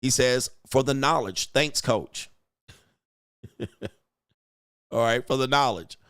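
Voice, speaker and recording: A young man coaching on dating hosts a loose livestream, reading out viewer messages one after another. He talks bluntly, in street slang and with plenty of swearing, at an ordinary middle pitch. The recording is dry and close, with no room echo. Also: slow, a bit bright, clean tone. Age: young adult. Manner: blunt, profane, slangy ranting. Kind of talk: livestream chat, reading viewer donations aloud.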